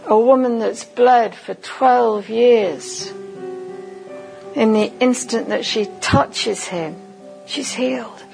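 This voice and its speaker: A woman giving a sermon at a conference, leading listeners through a vivid imagined story in a slow, deliberate second-person voice. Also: fairly high pitch, vocal fry, darkish tone, soft background music, low-quality recording. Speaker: conference speaker.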